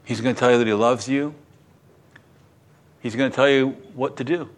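A male pastor preaching a sermon, telling Bible stories with lively acted-out lines and closing in earnest prayer. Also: mid-range voice, normal speed. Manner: animated storytelling, acting out voices, then quiet earnest prayer.

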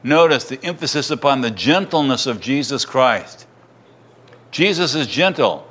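A man's voice: mid-range voice, expressive, measured pace, fairly bright tone. A man preaching a sermon, reading scripture aloud and retelling it in casual everyday words.

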